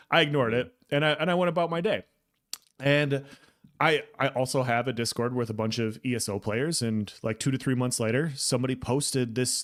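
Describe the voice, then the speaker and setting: A man co-hosting a gaming podcast, telling a long story in a casual, animated way with lots of fillers and restarts. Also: mid-range voice. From Texas. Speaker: podcast co-host.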